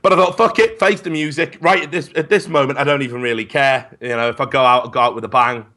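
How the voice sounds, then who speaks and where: Podcast guest: a man with a bright, sharp voice. Tells profane, lively stories. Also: medium pitch, fast. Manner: profane, animated storyteller. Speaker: esports commentator guest. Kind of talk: casual podcast chat.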